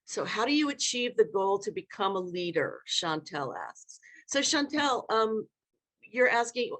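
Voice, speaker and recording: Woman, leadership coach, live online workshop, animated, demonstrates tones of voice, middle pitch. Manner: animated, demonstrates vocal inflections.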